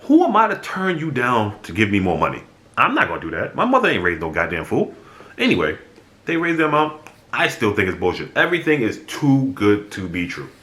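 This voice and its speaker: A young man talking straight to his viewers, telling a story in a blunt, animated way and swearing freely. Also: mid-range voice, a little fast. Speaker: vlogger. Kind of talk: casual storytelling monologue. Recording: echoey room.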